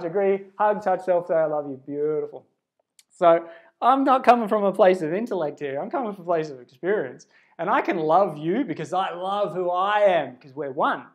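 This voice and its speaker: A man giving a livestreamed spiritual pep talk into a phone camera, earnest and rambling, swinging between hushed and loud, blunt and casually profane. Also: high voice. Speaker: spiritual self-help speaker.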